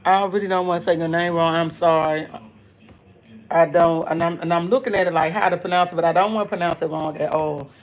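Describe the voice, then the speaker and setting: A woman's voice: lowish voice, fairly even intonation, fairly quick. A woman hosting a casual live stream, greeting viewers by name and telling a rambling story with many restarts. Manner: chatty, greets viewers by name and reads comments aloud.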